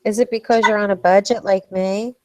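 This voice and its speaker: A woman's voice: medium pitch, fairly even intonation, brisk, mellow. A woman with a New Jersey accent, chatting casually and teasing the others on a craft stream. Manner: teasing, playful. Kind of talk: casual chat.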